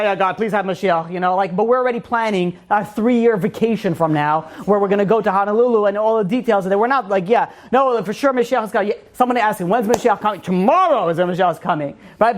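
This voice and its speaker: A man, a rabbi, giving an informal Torah class as an animated storyteller who fills his talk with "you know". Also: high-pitched.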